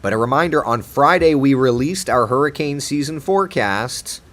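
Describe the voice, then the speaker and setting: A man's voice: mid-range voice, animated, normal speed, a bit bright. A man hosting a casual live chat as a TV meteorologist, playful and chatty as he answers viewers' comments.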